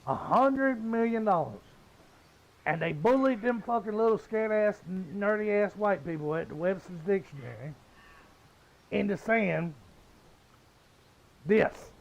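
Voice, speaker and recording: A man's voice: high-pitched, unhurried, creaky, pauses often, dull audio. A man in his fifties with a Southern US accent, ranting bluntly and swearing a lot while he plays a game. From Southern United States. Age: 50s. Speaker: gamer. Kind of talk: profane casual rant while gaming.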